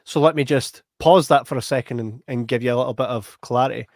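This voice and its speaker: A fast-talking young Scottish podcast host with a medium-pitched voice tells a long, rambling story with lots of energy, habitually tagging on "right?". The recording is dry and clean, with a studio sound.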